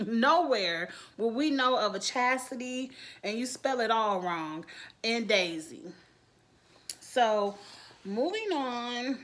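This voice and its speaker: A woman with a voice sitting a little high talks through a TV episode for her vlog. She tells it like gossip, animated and blunt, full of slang, and she keeps laughing at the scenes she retells. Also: slow. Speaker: TV show reviewer. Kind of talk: casual recap vlog.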